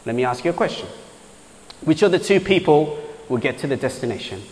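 A man's voice: a little high, expressive, brisk. A man preaching a conversational sermon, often checking in with "right?" as he explains. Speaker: pastor. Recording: long hall reverb.

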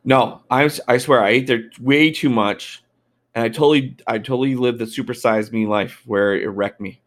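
A man's voice: mid-range voice, steady tone, moderate pace. A man in casual chat over a video call, joking and poking fun at himself.

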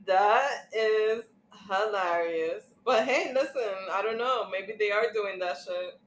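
A woman's voice: medium pitch, takes it slowly. A young woman co-hosting a casual chat, using slang and laughing easily. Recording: echoey room.

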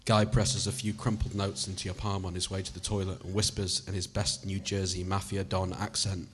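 A man's voice: low voice, level tone, a little fast, slight background noise. A man reading a story aloud in the second person, in a conversational style with casual swearing. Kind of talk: audiobook reading.

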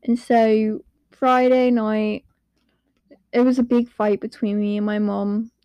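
A teenage girl hosting her own podcast in a quiet room at home, rambling and giggling at herself. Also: a little high, level tone, slow pace, clean tone, no echo, muffled recording. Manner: rambling, giggly, self-deprecating. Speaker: podcast host. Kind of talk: casual solo podcast chat.

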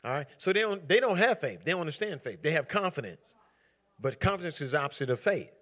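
Man leading a church Bible study; bright, lively teacher, conversational and emphatic. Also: fairly high pitch, quick pace. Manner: calls on members by name, conversational and emphatic. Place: church group gathering.

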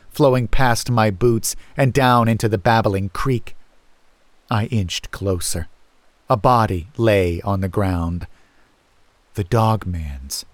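A male storyteller narrates horror in a slow, deliberate, brooding voice. His tone sits somewhat low, recorded close and dry with no room sound. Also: dry recording. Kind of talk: first-person horror narration.

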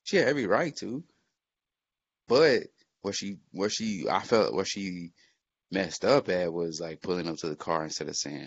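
A man's voice: low voice, animated, moderate pace, slightly rough. A man telling a story in casual, profane podcast chat, with lots of fillers and restarts. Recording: muffled lo-fi recording.

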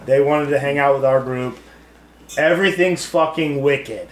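A man's voice: medium pitch, moderate pace. A man hosting a casual podcast chat among friends, rambling and swearing, laughing often. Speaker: podcast host. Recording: echoey room, faint background noise.

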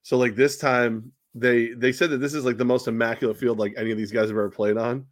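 Man, podcast host, teasing, rambling, filler words, mid pitch, dry sound. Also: flat delivery, fast talker, dry recording. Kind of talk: casual sports podcast banter.

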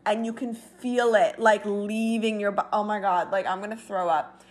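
A woman's voice: medium pitch, steady tone, moderate pace. Young woman vlogging, chatty and blunt, kinda exasperated, just venting to the camera. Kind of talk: casual talk to camera.

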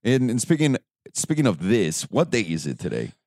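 A man's voice: fairly low pitch, huge pitch swings, moderate pace, gravelly, a little mellow, no echo, studio quality. A man whose first language is Spanish, hosting a casual podcast with friends, joking and self-mocking. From Mexico. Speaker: podcast host.

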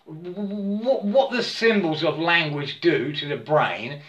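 Slow, halting man in an echoey room. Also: fairly high pitch, fairly bright tone. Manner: halting and repetitive, stammers and keeps asking "yeah?". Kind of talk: rambling spiritual monologue. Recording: roomy echo.

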